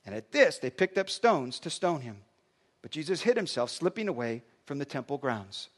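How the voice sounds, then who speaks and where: A man preaching a sermon, conversational and animated, often repeating words as he builds his point. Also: high voice. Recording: long hall reverb.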